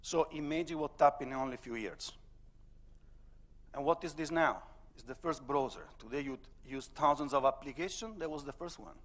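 A man's voice: on the high side, normal speed. Man with a strong Italian accent. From Italy. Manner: casual, audience questions, frequent restarts. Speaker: conference speaker. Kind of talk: public lecture with slides. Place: lecture hall. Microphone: handheld or podium mic.

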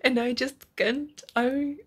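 A woman's voice: high-pitched, steady tone, slow, breathy edge. A woman book vlogger talking emotionally about her reading, overwrought and repeating herself, sometimes dropping to a whisper. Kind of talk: emotional reading-vlog chat.

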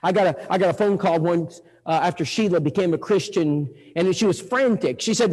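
Preacher, folksy storyteller, husky higher voice, church hall reverb. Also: male voice, a little fast, darkish tone. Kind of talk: sermon with storytelling. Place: church auditorium. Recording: echoey hall.

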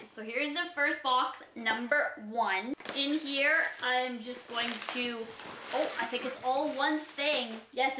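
A young woman with a high, bright voice gushes over each gift, unhurried and excitable. She is from Canada and is recording an unboxing vlog. The sound is a bit echoey, as if she is in a bare room. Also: slight background noise. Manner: gushing, excitable, frequent gasps. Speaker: YouTuber opening a gift.

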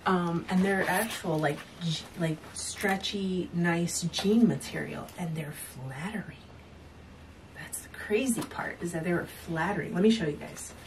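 A woman's voice: on the low side, a little slow, a little hiss or hum. Chatty woman on a distant camera mic. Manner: chatty, rambling, laughs often. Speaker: fitness vlogger showing purchases. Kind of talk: casual haul vlog. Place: at home, indoors.

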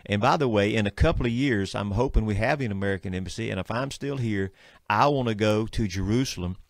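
A man in his fifties with a Southern US accent, hosting a Christian radio talk show in a fervent, preachy and excitable manner. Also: on the low side, fast talker, creaky, no echo. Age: 50s. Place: radio studio.

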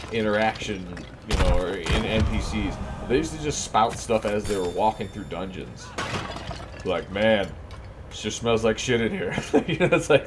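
A chatty male streamer talks casually while he plays, laughing often and mimicking the characters. His pitch swings widely, and loud noise runs under his voice. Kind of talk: casual gaming commentary.

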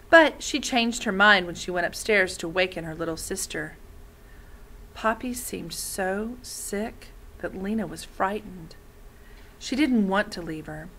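A woman's voice: medium pitch, bright, forceful tone, rough recording. A woman reading a children's novel aloud in a friendly way, stopping to explain words.

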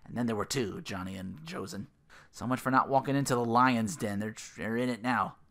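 A man giving a casual, rambling episode recap, swearing freely and quick to laugh. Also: mid-range voice, a bit bright. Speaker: show recap host.

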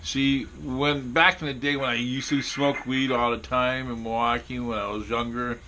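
Gravelly, breathless, foul-mouthed man. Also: mid-range voice, level tone, normal speed, bright, forceful tone. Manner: crude, profane, boastful. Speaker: vlogger eating on camera. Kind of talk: rambling casual monologue. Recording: noisy home recording.

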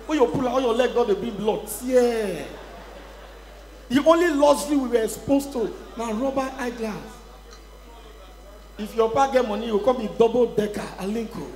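A male stand-up comedian with a Nigerian accent works a live crowd, slipping into pidgin English and shouting his punchlines. His voice sits very high. The sound rings with the long reverb of a big hall. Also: moderate pace, pauses often. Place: live show venue with audience.

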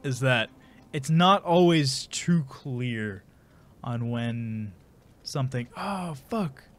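A gameplay commentator with a congested, mid-range voice talks slowly with lively intonation. His let's play commentary is casual, rambling and self-mocking.

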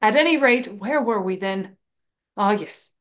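A stern, cynical male wizard professor barks at his students, gruff and short on patience, as a woman reader puts him on. He speaks in a raised, slightly lifted voice. The audio is a little muffled and lo-fi. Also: medium pitch, lively intonation, measured pace, natural voice. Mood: cross. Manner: gruff, cross and impatient.

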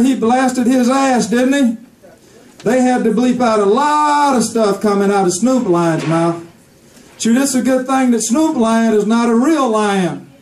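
A man's voice: very high voice, darkish tone. A man telling a crude satirical joke as a stand-up monologue, recorded in an echoey room with the mic at a distance. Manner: crude, joking storytelling. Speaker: comedian.

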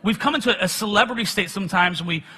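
Husky high-voiced male preacher. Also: fast, pushed and bright. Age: middle-aged. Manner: conversational, self-deprecating humor, frequent restarts. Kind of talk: sermon with personal stories.

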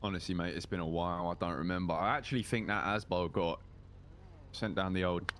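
A man's voice: low voice, fairly even intonation, a little fast, fairly bright tone, a little hiss or hum. A man doing in-character game roleplay, cheeky and bantering. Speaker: roleplay gamer playing a driver.

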